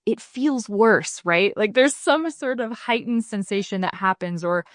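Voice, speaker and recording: As a podcast guest, a woman explains her bodywork practice in a casual, earnest, explanatory way, getting animated when acting out people she quotes. Her mid-range voice is a little slow, and the clean studio recording is dry.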